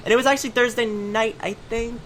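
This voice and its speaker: A man's voice: extremely high pitch, fairly even intonation, fast talker, slight background noise. A man co-hosting a casual gaming podcast, chatty and rambling, with lots of fillers and restarts. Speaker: podcast co-host.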